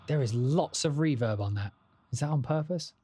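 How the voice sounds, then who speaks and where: A man's voice: mid-range voice, normal speed, warm tone, slightly rough. A man chatting casually on a live stream from his home studio, muttering to himself and swearing at himself in a self-deprecating way.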